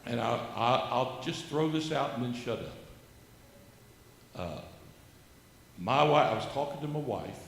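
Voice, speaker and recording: A man's voice: mid-range voice, creaky, a bit bright. An older man telling a personal testimony during a church service, earnest and building into fervent preaching. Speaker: church member giving testimony. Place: church sanctuary. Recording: echoey church hall with faint background noise.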